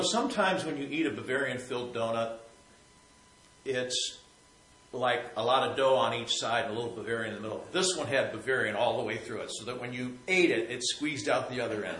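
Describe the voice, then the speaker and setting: A man telling a personal faith story in a rambling, repetitive way, sometimes growing soft and emotional. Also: medium pitch, roomy sound, low-quality recording. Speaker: Christian storyteller.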